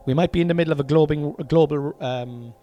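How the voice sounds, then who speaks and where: A man's voice: a little high, quick pace, dull audio, soft background music. An Irish man hosting a podcast in a room at home. He talks in a rambling, casual comedic monologue, swears freely and calls his listeners lads. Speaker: podcast host.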